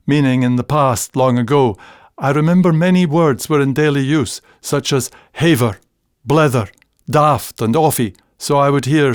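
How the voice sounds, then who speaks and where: An older man from Scotland reading a fond memoir about family dialect in an unhurried storytelling way. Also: medium pitch, no echo, studio quality. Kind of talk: scripted memoir narration.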